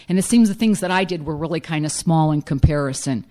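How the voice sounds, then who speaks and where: A woman's voice: deep voice, fast, few pauses, mellow. A middle-aged woman giving a frank, self-mocking personal recovery testimony as a speaker at a meeting.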